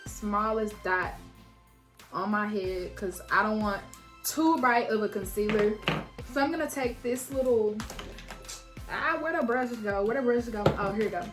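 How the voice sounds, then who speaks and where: A young woman telling a story to her viewers while doing her makeup, casual and frank, swearing freely and jumping into loud, high-pitched quotes. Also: a little slow. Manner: animated, swings into loud high-pitched quotes of herself and others. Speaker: beauty vlogger. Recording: echoey room with faint background music.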